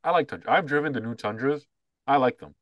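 A podcast co-host talks fast in a medium-pitched voice, rambling through casual chat with lots of fillers, blunt remarks and profanity. When he quotes other people, he puts on mocking voices. The audio is lo-fi with no echo.

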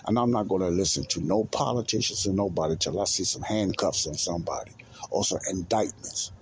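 A man's voice: low voice, expressive, brisk, slight background noise. A man, hosting a solo show and delivering an angry, preachy monologue that repeats its points and rises to emphatic outbursts. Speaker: podcast host.

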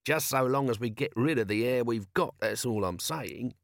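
A man reading an audiobook voices a complaining low-ranking corporal stuck in a cramped vessel. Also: moderate pace, vocal fry, no echo, lightly acted. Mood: grumbling. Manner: whiny, complaining. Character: grumbling lowly male soldier, corporal.

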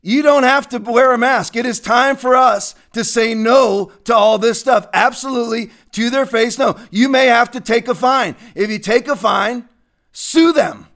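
A man with a high-pitched voice hosts a livestream, speaking with fervor and heat. He greets his viewers by name in between emphatic points. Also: normal speed, a bit bright. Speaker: livestream host. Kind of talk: religious political livestream talk.

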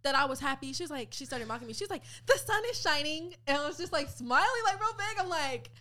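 A young woman in her twenties, a podcast guest talking about faith in a lively, repetitive, emphatic way. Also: high-pitched, fast talker. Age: 20s. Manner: animated, repeats phrases for emphasis. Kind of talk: casual faith talk.

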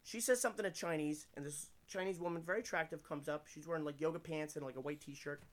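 A man from Pennsylvania tells crude, self-mocking anecdotes at a rapid clip, his voice pitched a little above the usual. He rambles like a comedian guesting on a casual podcast, talking indoors. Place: indoors room.

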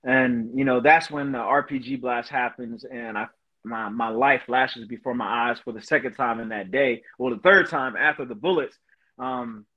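A Marine veteran and motivational speaker, appearing as a podcast guest, tells personal stories with earnest emotion and keeps saying "you know." His middle-pitched voice moves at a moderate pace. The audio is a little dull and lo-fi.

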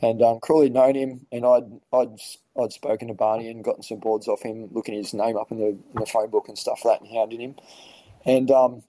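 A man's voice: mid-range voice, little pitch movement, fairly quick, warm tone, no room sound, poor audio. An Australian man, a podcast guest, telling a story casually with lots of fillers and swearing. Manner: laid-back, swears freely, lots of fillers.

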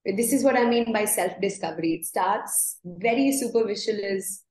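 A woman's voice: medium pitch, moderate pace, few pauses, a little mellow. Earnest woman yoga teacher, echoey room. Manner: earnest, repeats words as she restarts, laughs while telling stories. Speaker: yoga teacher, podcast guest. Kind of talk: reflective interview storytelling.

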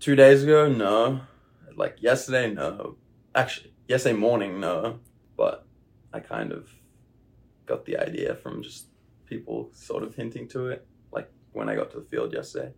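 A young Australian man talking loosely into a podcast mic, his voice heavy with gravelly fry and a husky edge. His pitch swings widely as he rambles through answers with lots of fillers. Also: normal speed. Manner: relaxed, rambling with many fillers. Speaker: guest, baseball player. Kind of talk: casual interview chat. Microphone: podcast microphone.

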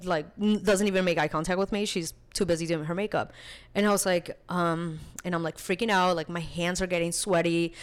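A woman's voice: lowish voice, a little fast, clear, resonant tone. Chatty young woman telling a story. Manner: chatty, peppers speech with "like"; lively, animated retelling. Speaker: podcast guest. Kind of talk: casual storytelling chat.

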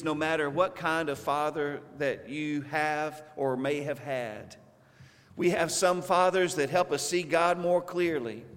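Southern guy preaching a sermon, slow and deliberate w/ big pauses, kinda high voice, long church echo. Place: church sanctuary.

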